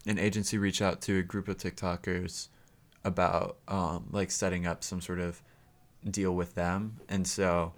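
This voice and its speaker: Young man with a very deep voice. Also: unhurried. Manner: relaxed, filler-heavy rambling. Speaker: podcast guest, musician. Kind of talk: casual chat.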